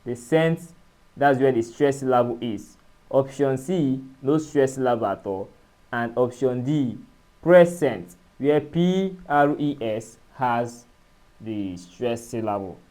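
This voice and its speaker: A man teaching an exam-prep lesson, speaking in a measured way and spelling out letters and syllables. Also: medium pitch, darkish tone. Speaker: exam tutor.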